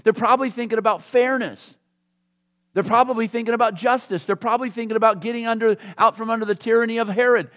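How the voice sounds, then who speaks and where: A man's voice: extremely high pitch, fairly even intonation, fast talker, fairly bright tone. A man preaching a sermon in a conversational storytelling way, acting out the voices of the people in the scripture he reads. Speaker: pastor.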